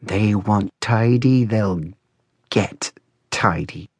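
A harsh, bitter servant woman, as a male narrator puts her on, hisses and mutters her threats in a storybook reading. The voice sits low and dark, and it is recorded dry and close. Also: animated, unhurried, breathy edge, no echo. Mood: menacing.

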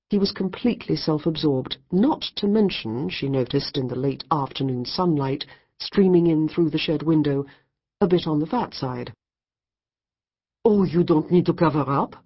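A woman narrating a comic novel in a wry, measured storytelling manner. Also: sits low, breathy edge, dull audio. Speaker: audiobook narrator. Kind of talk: scripted narration.

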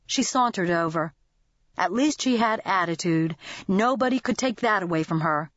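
A woman narrating a novel as an audiobook in a lively, expressive manner. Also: fairly low pitch, moderate pace, dry recording, muffled recording.

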